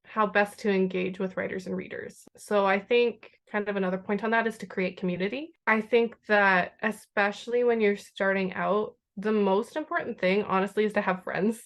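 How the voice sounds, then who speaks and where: A woman's voice: medium pitch, fairly even intonation, normal speed, hardly any pauses. Chatty woman writer on a podcast. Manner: chatty, many fillers, laughs often. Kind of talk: casual podcast chat.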